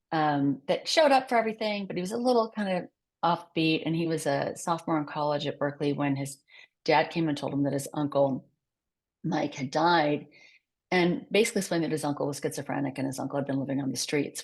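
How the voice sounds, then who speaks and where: A woman guest on a podcast, telling a story in a lively conversational way and acting out the quoted dialogue. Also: sits low. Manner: animated, acts out quoted dialogue. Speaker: podcast guest, charity founder.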